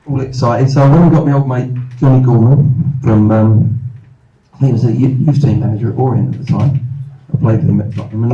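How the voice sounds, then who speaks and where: A man in his sixties from England, telling lively anecdotes at a live event and acting out the voices of people in his stories. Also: medium pitch, reverberant, dull audio. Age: 60s. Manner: anecdotal, animated, acts out voices. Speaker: guest speaker. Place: event hall.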